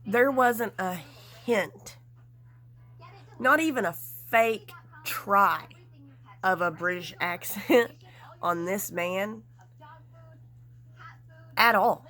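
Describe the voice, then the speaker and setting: A woman vlogger giving casual, gossipy commentary, animated and frank with some mild swearing. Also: mid-range voice, extremely slow, pauses often.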